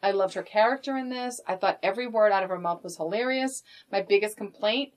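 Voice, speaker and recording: A woman's voice: medium pitch, brisk. A middle-aged woman co-hosting a podcast in casual chat, reading out award picks and praising performers expressively. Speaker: podcast co-host.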